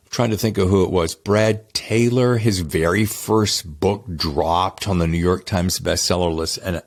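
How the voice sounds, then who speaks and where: A man with a Southern American accent hosts a casual podcast interview. His voice sits fairly low, and he talks in a rambling, effusive way. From North Carolina. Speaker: podcast host.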